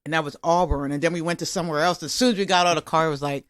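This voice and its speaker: A woman comedian guest telling stories in a casual podcast chat, animated and laughing often. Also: deep voice, racing, no echo, clean studio sound.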